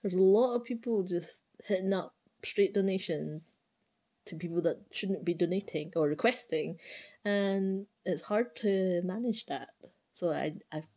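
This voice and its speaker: A woman's voice: fairly low pitch, a little slow, dark tone. A woman in casual chat about running her game clan, rambling and exasperated, full of fillers. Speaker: clan leader.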